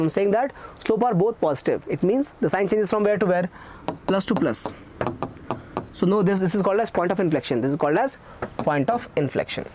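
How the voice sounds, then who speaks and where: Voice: mid-range voice, darkish tone, a little hiss or hum. A teacher giving a recorded math lecture, repeating key phrases and asking questions that they answer themselves. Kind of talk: recorded exam-prep lecture.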